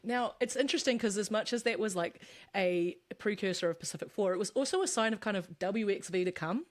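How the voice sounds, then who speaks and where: A woman co-hosting a podcast, explaining things casually with asides and quick self-corrections. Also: mid-range voice. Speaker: podcast co-host.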